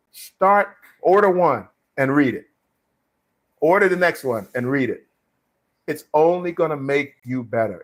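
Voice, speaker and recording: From a home studio, a middle-aged actor with a mid-range voice hosts a live stream Q&A about acting. He rambles casually through stories and advice, full of fillers and restarts.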